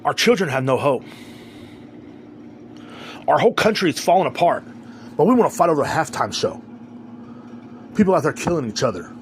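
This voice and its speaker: A man on a podcast goes off in a loose, rambling rant. He swears freely and circles back on his points. His voice sits a bit high for a man, and faint vehicle noise hums underneath. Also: sing-song, fairly quick, long pauses. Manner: heated, profane, rambling. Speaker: podcast host. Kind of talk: casual ranting monologue.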